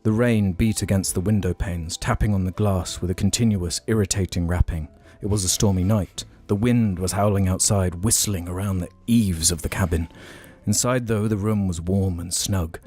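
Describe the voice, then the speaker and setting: A podcast host reading fan fiction aloud dramatically, chuckling between lines. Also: male voice, low voice, steady tone, normal speed, hardly any pauses, a little mellow, breathy edge, soft background music.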